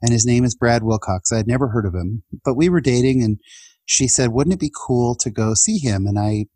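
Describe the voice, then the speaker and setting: A man's voice: mid-range voice, fairly quick, dark tone, slightly rough, no echo. A man in his forties telling personal stories in a casual podcast chat, earnest and emotional, laughing now and then. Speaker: guest.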